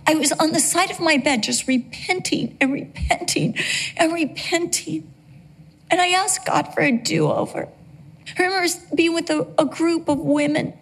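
Woman, middle-aged, high voice, sermon, earnest, emotional storytelling. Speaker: preacher.

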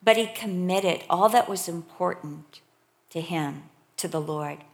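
A middle-aged woman preacher delivering a sermon, telling stories animatedly and swinging between loud emphasis and hushed whispers. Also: fairly low pitch, measured pace, vocal fry.

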